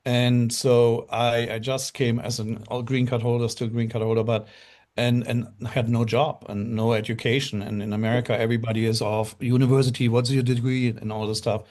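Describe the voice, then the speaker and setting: A man's voice: mid-range voice, flat delivery, normal speed, a little mellow. A middle-aged man from Germany with a German accent, earnestly telling his story as a guest with lots of fillers. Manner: earnest, rambling with many fillers. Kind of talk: casual storytelling on a live show.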